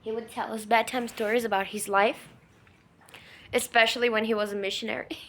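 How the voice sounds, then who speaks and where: Woman vlogger, fairly high and bright, rambling chatty storyteller who swears for emphasis. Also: fairly even intonation, a little fast, slight background noise. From Brazil. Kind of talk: casual storytelling.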